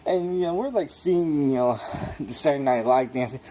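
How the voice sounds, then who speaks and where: A man talks through a movie review in a loose, off-the-cuff way. His voice sits at an ordinary middle pitch. He rambles and gets excited, swears freely and leans on constant fillers. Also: a little fast, a little hiss or hum. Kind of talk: casual unscripted film review.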